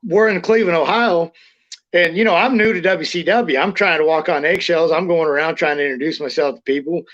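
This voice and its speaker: A middle-aged man recounts old backstage stories in a casual interview, blunt and profane, often restarting his sentences. His voice sits a little high for a man. The recording sounds dull and lo-fi. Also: brisk, fairly bright tone. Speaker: interview guest, former wrestler. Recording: lo-fi muffled audio.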